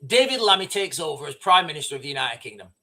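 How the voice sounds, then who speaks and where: A man's voice: on the high side, big pitch swings, fast, sharp tone. A man hosting a casual livestream, rambling and repeating himself as he reads out viewer comments. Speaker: livestream host.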